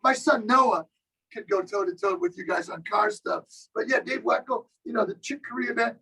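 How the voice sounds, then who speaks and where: A man in his sixties tells stories as an interview guest. His voice sits very high and has a husky, gravelly grain. He is lively and acts out the lines of the people in his stories. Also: moderate pace, rough recording. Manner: animated storyteller who acts out other people's lines. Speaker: guest drummer. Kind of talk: casual storytelling interview.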